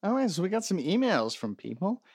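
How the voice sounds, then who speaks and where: A man's voice: high-pitched, very animated, brisk, a little mellow, breathy edge, no room sound. A man hosting a comedy podcast, reading listener emails aloud and answering them with sarcastic, profane mock rants. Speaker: podcast host.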